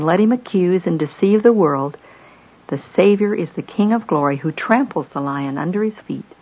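A woman giving a devotional sermon to a women's Bible study, solemn and emphatic, asking rhetorical questions and slowing down for repeated refrains. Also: on the low side, slightly rough. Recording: dull lo-fi recording.

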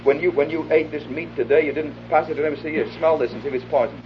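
Earnest preacher on an old dull tape. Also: male voice, on the high side, fast. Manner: earnest, acts out little dialogues, drops to an intimate hush for the appeal. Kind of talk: evangelistic sermon. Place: hall before a live audience. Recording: dull lo-fi archive tape with faint hiss.

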